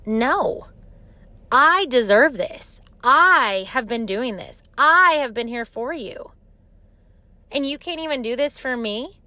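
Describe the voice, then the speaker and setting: A woman's voice: on the high side, lively intonation, slow pace, sharp tone, no room sound, heavily acted. A woman voicing a resentful, dutiful elder son who complains indignantly.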